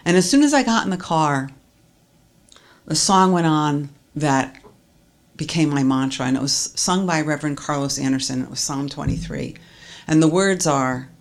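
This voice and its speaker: A woman's voice: low voice, normal speed. A woman earnestly recounting a personal story as a testimony, stringing events together with "and".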